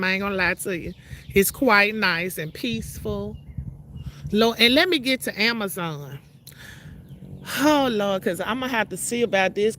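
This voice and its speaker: A woman's voice: mid-range voice, pushed and bright. A woman from Mississippi, ranting outdoors to her viewers in a brash, profane, confrontational way. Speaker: vlogger. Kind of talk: ranting call-out vlog to viewers. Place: outdoors outside her trailer.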